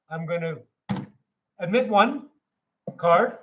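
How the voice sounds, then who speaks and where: A man with a high, light voice tells a rambling story in casual chat, laughing hard and shouting out the punchlines. His excited delivery jumps between loud and quiet. A faint hiss of background noise sits under the voice. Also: normal speed. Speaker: hairdresser.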